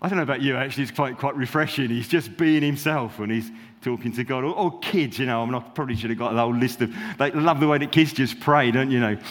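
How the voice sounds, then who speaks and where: A man's voice: medium pitch, fast, in a large hall. A man preaching an informal sermon, chatty and rambling, full of fillers, restarts and little laughs.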